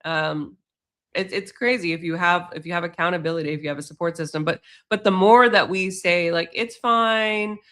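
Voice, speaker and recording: A man's voice: fairly high pitch, steady tone, a little fast, pushed and bright. A man hosting a casual podcast, talking bluntly and with sarcasm. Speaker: podcast host.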